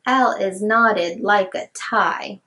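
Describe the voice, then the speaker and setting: A woman's voice: mid-range voice, takes it slowly, bright, forceful tone. A woman reading picture books aloud to young children in a sing-song, rhyming way, chatting a little between books. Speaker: children's storyteller.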